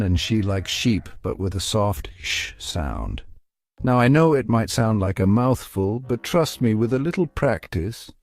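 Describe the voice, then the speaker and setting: A man giving scripted, upbeat narration as a pronunciation guide, coaxing the listener and slowing down to spell out each word. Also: lowish voice, a little mellow, dry recording, studio quality.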